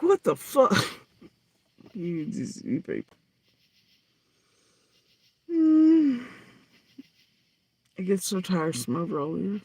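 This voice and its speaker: A man's voice: medium pitch, dry recording. Guy ranting, cussing a lot, voice swings all over, dry close sound. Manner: profane, heated, mocking. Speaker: commentary host. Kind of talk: angry reaction rant.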